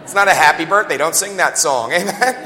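A man in his forties preaching a revival sermon, lively and joking, often laughing and calling out to the congregation. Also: fairly high pitch, brisk, big-room sound. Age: 40s.

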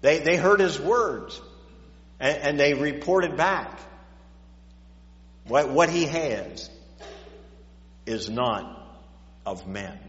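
A man with a somewhat high, slightly bright voice preaches a sermon in a church, speaking extremely slowly with frequent pauses and an animated delivery. He stammers and repeats words, his volume rising and falling. The recording is echoey and dull, made in a church hall.

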